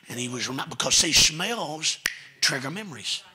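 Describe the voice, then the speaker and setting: A man's voice: a little high, expressive, takes it slowly, long pauses, sharp tone, a little hiss or hum. A man preaching a sermon in a church, telling family stories in a folksy way and quoting relatives. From Texas. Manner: folksy storytelling preacher, quotes family members. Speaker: pastor. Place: church sanctuary.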